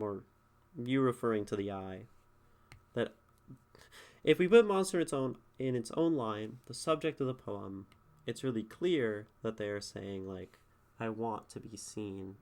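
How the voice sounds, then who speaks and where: A man's voice: mid-range voice, a little mellow. A man streaming, giving a casual spoken critique of a poem and thinking aloud with fillers and tag questions. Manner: conversational, thinks aloud with many fillers and "right?" tags.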